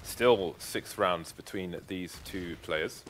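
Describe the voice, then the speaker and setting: A man's voice: low voice, takes it slowly, a bit bright, a little hiss or hum. A man giving live color commentary on an esports match, with emphatic, playful hype for the players.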